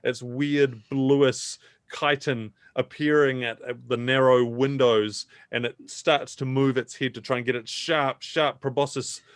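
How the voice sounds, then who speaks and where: A man at a mid-range pitch guides players through a tabletop adventure. He narrates in a measured, descriptive way. The sound is dry and close. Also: steady tone, clean tone, no echo. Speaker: dungeon master.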